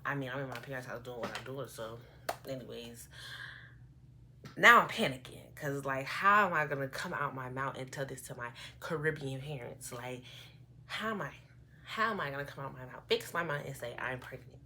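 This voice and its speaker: A woman in her early twenties telling an animated, rambling story on her vlog, often quoting herself. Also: a bass voice, moderate pace, slight background noise. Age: 20s. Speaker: vlogger. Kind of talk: casual storytime. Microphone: phone camera.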